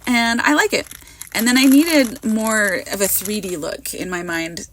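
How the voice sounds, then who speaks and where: Hoarse, giggly woman narrating her crafting. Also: medium pitch, a little slow, a little hiss or hum. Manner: bubbly and giggly, pokes fun at herself. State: hoarse from a cold. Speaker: card maker. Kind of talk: casual craft voiceover.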